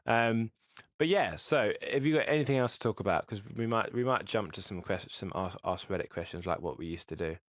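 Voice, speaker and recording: A man co-hosting a podcast in casual chat, halting and restarting often. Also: lowish voice, dry recording. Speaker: podcast co-host.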